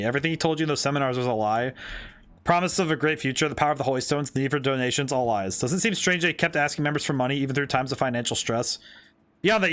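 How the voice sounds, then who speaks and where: Earnest young female fortune teller, read by a man in his own voice, calm and sincere, slightly high-pitched. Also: clean tone, close to an everyday voice.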